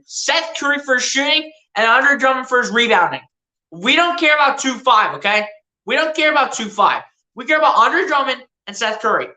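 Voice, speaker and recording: Bright-voiced woman doing fan play-by-play. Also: sits high. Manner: animated trash-talking fan, laughs often. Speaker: fan streaming live play-by-play. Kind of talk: live play-by-play commentary. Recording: roomy echo.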